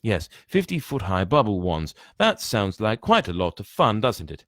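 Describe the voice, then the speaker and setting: A man's voice: deep voice, very animated, moderate pace, few pauses, a bit bright, no echo, clean studio sound. A man reading a book aloud, often stumbling and restarting, with chatty asides. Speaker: reader.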